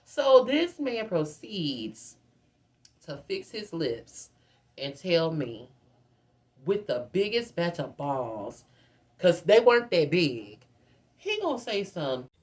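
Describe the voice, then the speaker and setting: A woman in her twenties telling a storytime in a chatty, animated way, constantly addressing her viewers as "girl.". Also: fairly low pitch, takes it slowly. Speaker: vlogger. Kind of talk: casual storytime.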